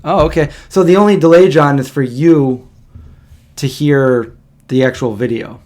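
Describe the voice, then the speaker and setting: A man's voice: fairly high pitch, measured pace, a little mellow. A man hosting a casual livestream, chatting and reacting to old videos in a rambling way. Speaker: livestream host.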